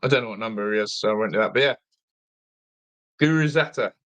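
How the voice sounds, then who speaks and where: A man's voice: lowish voice, quick pace, a bit bright. A man from England hosting a live fan watch-along, chatting loosely, reading viewer comments and grumbling at the team, sounding half asleep. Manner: chatty, reads out viewer comments, swears mildly.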